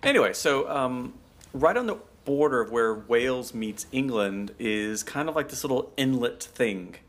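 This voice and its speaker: A man's voice: mid-range voice, animated, moderate pace, fairly bright tone. Chatty man explaining with asides. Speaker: podcast co-host. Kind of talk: casual chat.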